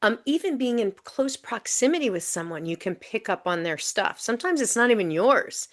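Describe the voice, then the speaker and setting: A woman guest in a podcast interview, telling stories in a casual, animated way with many "um"s and "you know"s. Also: a little high, moderate pace. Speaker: guest coach.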